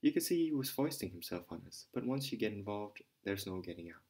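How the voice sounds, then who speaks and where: A huge caretaker who bluntly dismisses trouble, as a man puts him on. The voice is low, gruff and matter-of-fact in an audiobook reading. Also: big pitch swings, fairly quick, a little mellow. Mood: dismissive.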